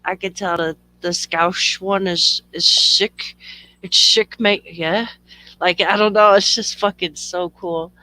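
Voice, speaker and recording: A man's voice: sits high, level tone, slow, sharp tone, dry recording, poor audio. A man in casual chat, laid-back and slangy, tossing in "fam" and "bro".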